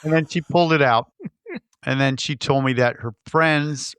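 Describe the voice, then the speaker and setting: A man's voice: mid-range voice, moderate pace, smooth, no room sound. A man co-hosting a podcast, chatting casually about a movie and acting out scenes as he tells stories. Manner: animated storyteller, acts out scenes and sound effects. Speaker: podcast co-host.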